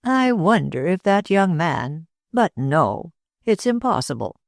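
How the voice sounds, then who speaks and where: Narrator doing a cold, sharp-tongued aunt for a storybook, dry close read. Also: medium pitch, very animated, slow pace, vocal fry, no echo, full character voice. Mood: scornful. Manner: sharp, scornful. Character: stern domineering middle-aged aunt.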